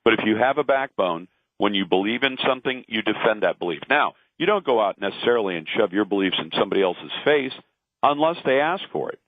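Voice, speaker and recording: A fast-talking middle-aged radio host, here as a guest, speaks with a fairly low, expressive voice. A Pacific Northwest native living in Portland, he argues his opinions emphatically and imitates those he quotes. The recording is a dry, tinny phone line.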